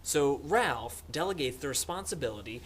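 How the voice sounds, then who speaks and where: A young man tells the story loosely and jokingly, as if to friends. His voice swings up and down a lot, and he keeps slipping into loud, goofy character voices. There is a faint hiss behind him. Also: medium pitch, lively intonation, moderate pace. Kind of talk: comic book summary with voices.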